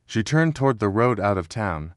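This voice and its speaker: A man narrates a historical story in a steady, measured voice that sits low for a man. The sound is dry and close, with no room around it. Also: no echo. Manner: steady, measured storytelling with quoted dialogue read in the same voice.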